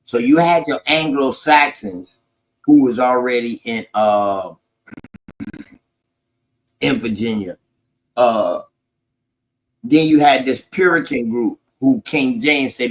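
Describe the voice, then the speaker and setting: A man runs through history in loose, casual talk. He is profane and emphatic, and he leans into his points as he explains. His pitch sits at a middle level. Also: slow pace, pauses often, low-quality recording. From South Carolina, United States. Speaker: podcast host.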